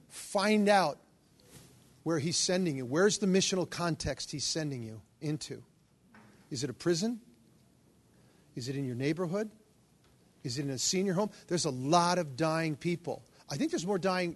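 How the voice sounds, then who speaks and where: A middle-aged man preaching and telling a story in an animated way, acting out the voices of the people in it. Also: a little high. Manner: animated, acts out quoted voices. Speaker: Catholic charismatic preacher. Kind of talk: storytelling sermon.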